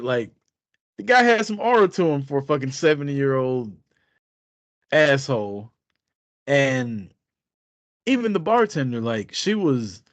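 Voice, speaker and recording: A man's voice: medium pitch, dry recording. Guy cussing thru a rambling story on a podcast, dead dry mic. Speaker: podcast co-host. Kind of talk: casual chat.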